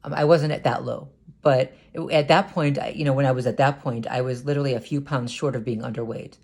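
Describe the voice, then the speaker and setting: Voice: medium pitch, steady tone, fast talker, gravelly, darkish tone, husky. An adult talking through a personal confessional vlog, hesitant and stammering, with many restarts and repeated words. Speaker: vlogger.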